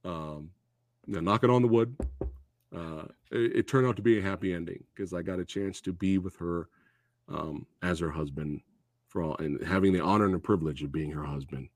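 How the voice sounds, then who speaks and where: Man, podcast host, emotional, halting, laughs between words, lowish voice, dry sound. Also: no echo. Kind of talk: casual film discussion.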